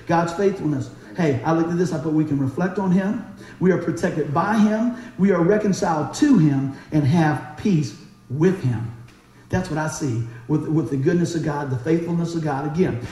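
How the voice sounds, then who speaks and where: A man delivers a sermon in a high, animated voice that leaps up and down. He tells stories fast, laughs often and acts out the people in them. The sound rings through a very echoey church hall. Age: 40s. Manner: talks fast. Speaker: preacher. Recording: very echoey room.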